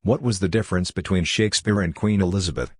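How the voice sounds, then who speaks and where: A man's voice: low-pitched, fast, a little mellow, husky, no echo. A man reading the part of an eager, joke-telling middle-aged trawlerman, voiced close to his own narrating voice. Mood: joking.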